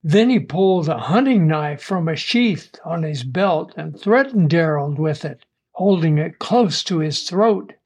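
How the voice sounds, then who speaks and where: A man narrating a first-person adventure audiobook in a measured, plain storytelling manner. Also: on the high side, expressive, darkish tone.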